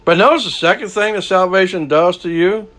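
A man preaching a sermon, folksy and lively, swinging from hushed lows to loud highs. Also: fairly quick.

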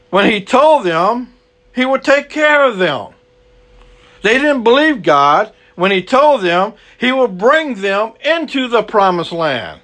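A man's voice: high-pitched, pushed and bright. A man preaching a sermon, earnest and repetitive, stretching words for emphasis.

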